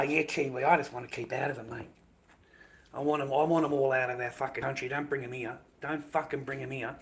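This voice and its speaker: A man's voice: medium pitch, a little hiss or hum. An Australian man ranting to his stream viewers, heated and profane, repeating himself often. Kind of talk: ranting livestream monologue.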